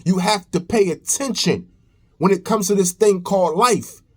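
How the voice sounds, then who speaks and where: A man's voice: high-pitched, moderate pace, fairly bright tone, slightly rough. A young man commenting on a reaction video in a preachy, emphatic way, repeating phrases. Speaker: commentary host.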